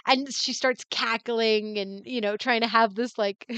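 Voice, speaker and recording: A woman game master narrates a tabletop session at an unhurried pace, with many fillers along the way. Her voice is smooth, a little higher than most, and close and dry. The sound is somewhat dull, like an online call. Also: fairly even intonation, fairly bright tone, dry recording. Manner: rambling, many fillers, giggly.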